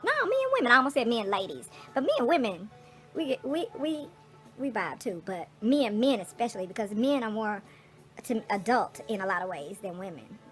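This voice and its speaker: A middle-aged woman vlogging in a casual storytelling way, frank and profane, animated, with asides and laughter. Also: a little high, moderate pace, soft background music.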